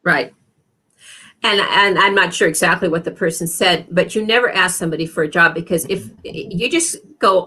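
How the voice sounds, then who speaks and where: Animated female career coach. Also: medium pitch, moderate pace. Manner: animated, acts out example phrases. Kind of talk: interview conversation.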